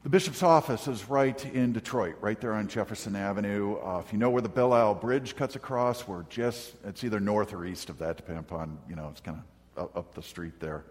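Reflective pastor preaching in a reverberant hall. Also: male voice, on the low side, a little fast. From northern United States. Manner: reflective, conversational storytelling with gentle humor. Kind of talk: sermon.

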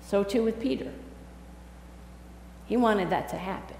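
A woman pastor preaching a sermon in a conversational, animated storytelling way. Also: mid-range voice, measured pace, creaky, reverberant, long reverb tail, slight background noise, poor audio. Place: church sanctuary.

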